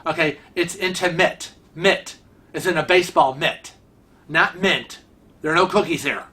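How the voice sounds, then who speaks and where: Bright-toned chatty man from Rochester. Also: fairly high pitch, normal speed. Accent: Rochester, New York. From Rochester, New York. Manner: chatty, digressive, teasing. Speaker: vlog host. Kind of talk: casual vlog commentary.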